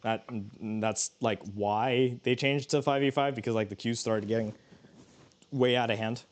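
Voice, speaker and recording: A man's voice: mid-range voice, steady tone, measured pace. A man streaming while he cooks, chatting casually in a joking, rambling way with many restarts. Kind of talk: casual livestream cooking chat.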